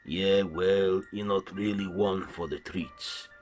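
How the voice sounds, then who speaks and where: Man doing a smug young boyfriend, deep voice, slow pace. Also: fairly even intonation, soft background music. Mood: teasing.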